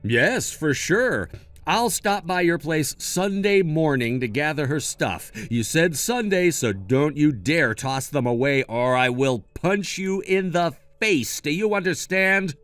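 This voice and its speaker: A man's voice: fairly high pitch, expressive, slow, fairly bright tone, no room sound. A man narrating a scripted first-person story, speaking firmly and sarcastically, in a dry recording with faint music behind. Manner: firm, scolding and sarcastic.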